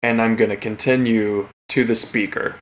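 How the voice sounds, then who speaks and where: A man playing a tabletop game, describing his character's actions in a relaxed, playful way. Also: fairly low pitch, moderate pace. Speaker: player.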